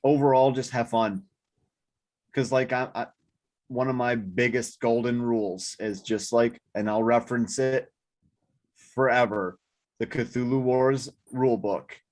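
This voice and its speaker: A man's voice: mid-range voice, steady tone, unhurried, darkish tone. A man in a casual board game discussion, sleepy after a long day, explaining rules steadily. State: sleepy, yawning. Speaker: board game group member.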